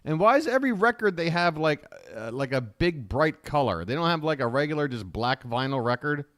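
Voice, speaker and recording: A man's voice: on the high side, big pitch swings, fairly quick, fairly bright tone, no room sound, studio quality. A man hosting a live stream, riffing casually and wryly, often wandering off on tangents. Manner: rambling, wry, easily sidetracked.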